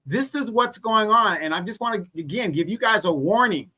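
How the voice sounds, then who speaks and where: A man's voice: high voice, animated, moderate pace, bright, forceful tone. Earnest man hosting a live stream. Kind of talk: casual live-stream commentary.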